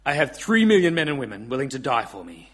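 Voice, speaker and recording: A man voicing a stern, boastful male dictator with a flat, menacing delivery. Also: mid-range voice, fast, voice pushed down.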